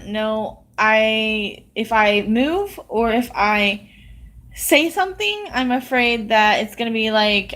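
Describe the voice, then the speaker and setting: A woman with a somewhat high voice recounts a personal story in casual spoken storytelling. She talks in a halting way, leaning on likes and ums as she goes. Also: fairly bright tone.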